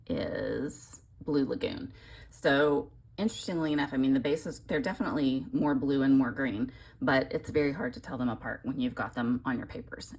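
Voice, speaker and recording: Chatty low husky woman showing crafts. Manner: chatty, rambling, self-deprecating. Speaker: papercraft tutorial host. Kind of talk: casual craft demonstration.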